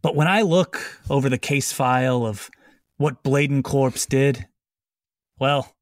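A man playing a smug, theatrical prosecutor in a comedy tabletop game, speaking with slow dramatic pauses. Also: medium pitch, no echo, clean studio sound, natural voice.

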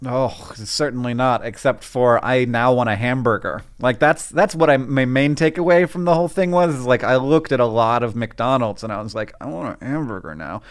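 A man co-hosting a podcast in casual chat, playful and excitable, often jumping high in pitch. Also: moderate pace, hardly any pauses, clean tone. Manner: excitable, swings from high to low; playful, joking. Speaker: podcast co-host.

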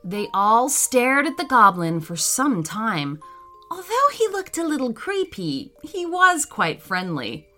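A woman narrating a children's story in a slow, expressive read-aloud manner. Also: fairly high pitch, faint music behind.

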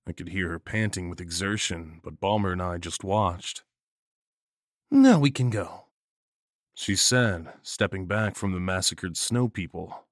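A man narrating a first-person horror story in a measured, gritty and profane way. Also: sits low, fairly even intonation, fairly bright tone, no echo, clean studio sound.

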